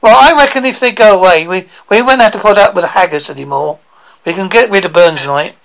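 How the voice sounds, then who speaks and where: A Devon-accented man hosts a casual radio interview, talking with a gravelly edge to his voice. He tells stories and cracks jokes in a relaxed, chatty way. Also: high voice, fairly quick, poor audio. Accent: Devon English. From England. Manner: joking, chatty storyteller. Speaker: radio show host.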